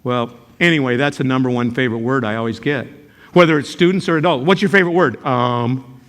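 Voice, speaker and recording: An older man, a teacher, giving a motivational talk to a live audience, telling jokey stories with sudden loud outbursts. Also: mid-range voice, fast talker. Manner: animated storytelling, joking, sudden loud outbursts. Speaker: character education teacher and speaker. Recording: reverberant hall.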